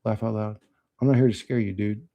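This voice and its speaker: A man's voice: lowish voice, steady tone, a little fast, creaky, muffled recording. A man on a livestream, reading chat comments and answering them in blunt, profane, rambling talk.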